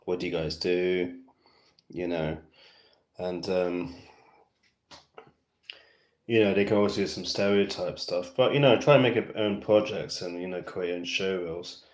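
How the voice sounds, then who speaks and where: A man from West London with a deep voice and a British accent chats casually to fans on his livestream. He rambles with heavy fillers and seems amused by himself. The room sounds echoey.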